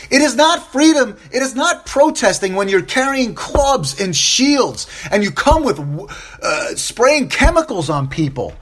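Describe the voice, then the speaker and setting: A man's voice: extremely high pitch, big pitch swings, moderate pace, fairly bright tone. A man hosting a solo opinion podcast, upset and impassioned, repeating phrases for emphasis and stumbling over restarts. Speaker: podcast host.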